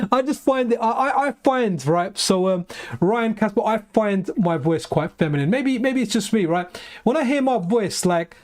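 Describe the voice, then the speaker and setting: A man with a light, high voice he calls feminine, rambling casually on a live stream while he plays, often asking "right?". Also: lively intonation, moderate pace. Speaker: game streamer. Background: faint game music.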